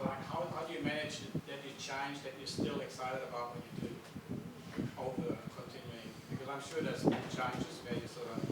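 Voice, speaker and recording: A man in the audience asking a long question, rambling and searching for words. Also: mid-range voice. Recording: echoey hall, distant, loud noise.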